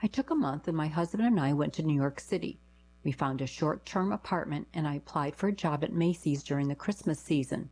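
A woman's voice: low voice, a little fast, a little mellow, slightly rough, low-quality recording. A woman reading short first-person anecdotes aloud, giving quoted lines a lift in her voice.

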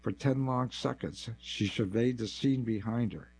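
A man narrating a nonfiction article as scripted narration, with a measured, even delivery. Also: medium pitch, creaky, slightly rough, rough recording.

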